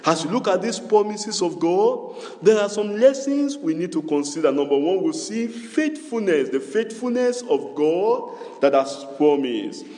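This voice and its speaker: A man's voice: high voice, animated, a little slow, warm tone. A man preaching a sermon as pastor, repeating phrases and calling out to the congregation in a sing-song cadence. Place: church hall. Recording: echoey church hall, long reverb.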